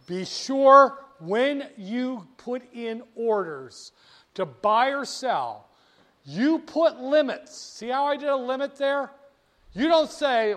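A man's voice: high voice, fairly bright tone. A man lecturing a class, stressing key words and having students repeat phrases back to him. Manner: emphatic, drills terms, asks students to repeat. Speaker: teacher.

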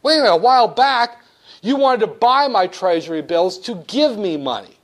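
A man's voice: high-pitched, sing-song, moderate pace. A man voicing a rude male banker who haggles sarcastically and curses. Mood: haggling. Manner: brash, sarcastic, cursing.

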